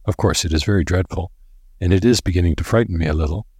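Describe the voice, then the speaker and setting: A man's voice: deep voice, quick pace, darkish tone, breathy edge, dry recording. A man voicing a cheerful, blind young noblewoman in a lilting, lifted voice. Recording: dry close recording.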